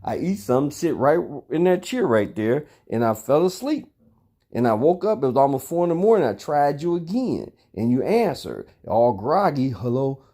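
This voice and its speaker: A man's voice: on the high side, very animated, moderate pace, dark tone. A middle-aged father at home, telling a long, rambling story to his son and swearing as he goes. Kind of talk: recorded monologue addressed to someone. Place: at home indoors.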